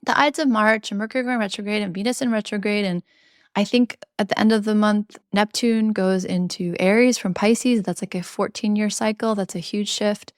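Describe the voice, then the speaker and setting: A woman's voice: medium pitch, steady tone, moderate pace, clear, resonant tone, no room sound, studio quality. A woman hosting a tarot podcast, talking in an earnest, chatty way with slangy asides. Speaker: podcast host reading tarot. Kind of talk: casual spiritual monologue.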